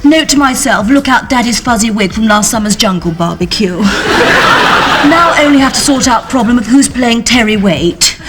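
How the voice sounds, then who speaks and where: A woman's voice: a little high, animated, moderate pace, noisy background, close to an everyday voice. A woman playing a priggish teenage head girl reading her diary aloud in clipped, self-important tones. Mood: prim. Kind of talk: comic diary monologue.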